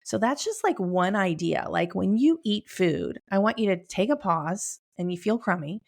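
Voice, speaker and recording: A woman's voice: mid-range voice, animated, normal speed, creaky, darkish tone. A middle-aged woman hosting her podcast in casual, chatty talk, upbeat and laughing often, speaking from a room at home. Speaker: podcast host.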